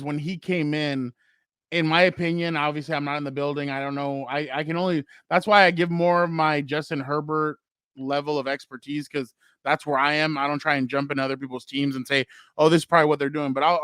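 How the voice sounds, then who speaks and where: A man's voice: a little high, steady tone, a little fast, a bit bright, clear, resonant tone, no room sound, clean studio sound. A man co-hosting a podcast who rambles through stories and opinions on football, with fillers and asides. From San Diego area. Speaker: podcast co-host. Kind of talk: casual sports chat.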